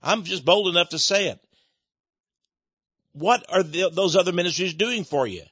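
A man's voice: sits high, lively intonation, normal speed, a bit bright, slightly rough, dry recording, dull audio. A man hosting a radio ministry, making a folksy, earnest appeal for donations and then teaching from the Bible, with frequent restarts. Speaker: ministry leader and program host.

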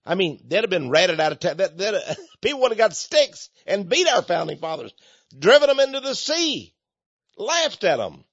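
A man's voice: high voice, big pitch swings, moderate pace, breathy edge, dry recording. A man preaching a mocking, sarcastic monologue from his ministry. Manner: sarcastic, mocking, laughs scornfully. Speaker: ministry speaker. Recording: dull lo-fi recording.

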